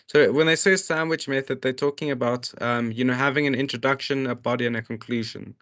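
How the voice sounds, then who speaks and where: Man, tutor, online lesson, reading and explaining workbook questions, halting with restarts and fillers. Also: mid-range voice, steady tone, fairly bright tone. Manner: reads questions aloud then explains them. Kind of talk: walking students through a workbook.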